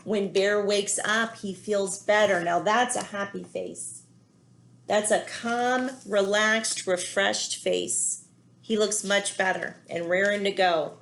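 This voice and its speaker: Gentle woman reading a picture book aloud. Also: mid-range voice, expressive, takes it slowly, a little hiss or hum. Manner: gentle, reassuring, explains feelings to children. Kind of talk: children's read-aloud with commentary.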